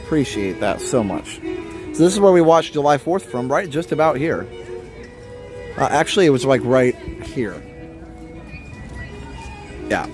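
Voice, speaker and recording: A man's voice: medium pitch, sing-song, unhurried, long pauses, a little mellow, soft background music. A man hosting a casual live stream from a theme park at night, chatting and reading out viewer comments.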